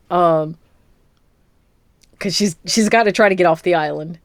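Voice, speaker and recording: Woman rambling about movies with a low voice, dry close sound, laughs a lot. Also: steady tone, moderate pace, pauses often, no echo. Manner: rambling, playful, laughs often. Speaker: podcast co-host. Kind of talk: casual chat.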